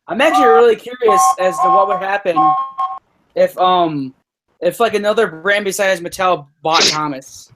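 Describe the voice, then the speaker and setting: A man's voice: high-pitched, moderate pace, noisy background. A man asking curious questions in a playful way on a live stream. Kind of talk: casual live stream chat.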